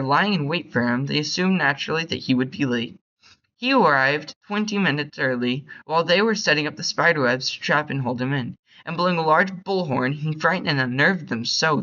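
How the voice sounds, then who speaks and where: A young man reading a short story aloud in a bored, hurried way, stumbling over words. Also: fairly high pitch, bright, forceful tone, dull audio. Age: young adult. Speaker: reader.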